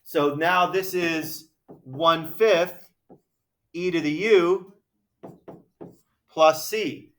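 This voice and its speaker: A man's voice: fairly high pitch, drawn-out words, pauses often, fairly bright tone. A man teaching a math class, working problems aloud in a chatty, joking way. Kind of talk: classroom lecture. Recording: echoey classroom from far off.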